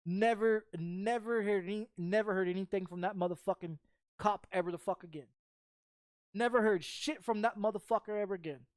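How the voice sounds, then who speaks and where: A woman's voice: mid-range voice, brisk, no echo, clean studio sound. A woman game streamer telling a story as a heated, profane rant, swearing constantly and sounding confrontational, on a desk mic.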